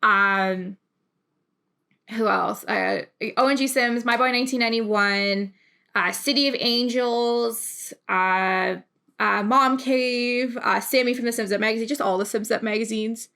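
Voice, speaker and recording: Young woman vlogger, casual, emotional rambler, gravelly low fry at phrase ends. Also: fairly even intonation, measured pace, bright, forceful tone. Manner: rambling, emotional, many restarts. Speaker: YouTube creator. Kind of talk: casual talk to camera.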